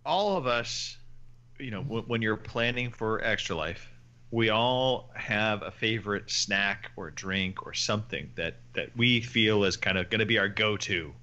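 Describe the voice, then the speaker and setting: Bright, chatty man on a lo-fi line. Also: fairly low pitch. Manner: quick, chatty, leads the round. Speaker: podcast host. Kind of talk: casual group chat.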